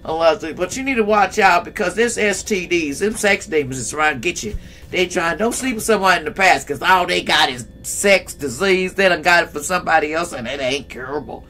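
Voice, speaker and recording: A tarot reader chatting through a reading in a loose, slangy way. The delivery is bold and blunt, speaking right to viewers with frequent laughs. The pitch sits in a middle range. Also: expressive, fairly quick, pushed and bright, soft background music. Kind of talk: casual tarot reading vlog.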